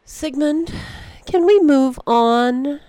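A narrator voicing an impatient young girl on a bike, calling out in a raised, high voice. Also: drawn-out words, mellow, dry recording, rough recording.

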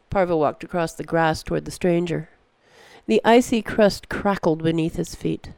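A narrator reading a story in a steady, measured way. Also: mid-range voice, vocal fry, smooth, no room sound. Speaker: audiobook narrator.

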